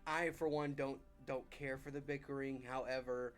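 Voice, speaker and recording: A man voicing a polite, soft-spoken male dwarf cleric who talks in hesitant, apologetic restarts. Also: mid-range voice, steady tone, moderate pace, faint music behind, lightly acted. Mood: gentle, polite.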